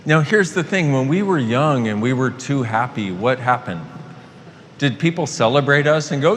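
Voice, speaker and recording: A man giving a live motivational talk to an audience, animated and playful, swearing casually. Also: medium pitch, normal speed. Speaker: workshop facilitator. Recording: long hall reverb, faint noise.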